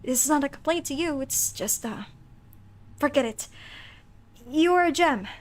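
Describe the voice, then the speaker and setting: A shy, awkward male incubus from a game, stumbling over his flirting in a soft, hesitant voice that sits lower and quieter than the rest of the stream, as a woman puts him on. He stammers and backpedals, nervous and eager to please. He is clearly a nerd out of his depth. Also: animated, normal speed. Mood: flustered.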